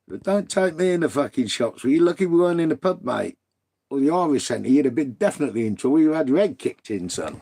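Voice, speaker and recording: A man's voice: a little high, very animated, fast, vocal fry, dark tone. A middle-aged man, chatting casually on a live stream, swearing freely and bantering with viewers. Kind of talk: casual live-stream chat reading comments.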